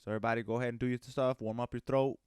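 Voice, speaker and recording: A man's voice: mid-range voice, little pitch movement, very fast, a little mellow, clean tone, no room sound, clean studio sound. A man hosting a podcast in casual, joking chat with friends. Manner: joking, playful, talks in bursts. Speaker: podcast host.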